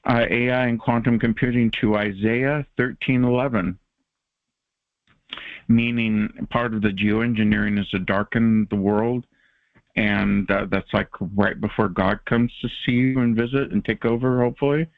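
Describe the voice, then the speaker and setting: A man's voice: medium pitch, fairly even intonation, normal speed, no echo. A man hosting a call-in show, talking in a casual, joking, informal way. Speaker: radio show host. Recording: tinny phone-line audio, dry.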